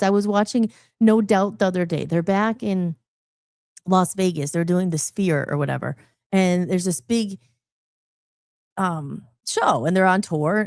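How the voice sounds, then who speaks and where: An American woman with a slightly high voice talks candidly on her radio show, rambling and emotional, restarting her sentences often. The sound is dry and close. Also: darkish tone, no room sound. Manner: rambling, emotional, many restarts and self-corrections. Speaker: radio show host and musician. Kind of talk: candid personal talk.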